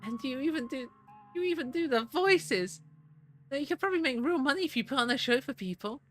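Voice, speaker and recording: A streamer voicing a sweet, wistful ghost-possessed young girl in a high, dreamy way. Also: lively intonation, fairly quick, fairly bright tone, soft background music. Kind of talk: voicing game dialogue.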